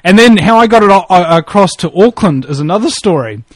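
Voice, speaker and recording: A man's voice: sits high, animated, brisk, dry recording. A man chatting casually on a call, telling rambling stories, swearing and laughing at his own jokes. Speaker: podcast guest. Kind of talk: casual chat.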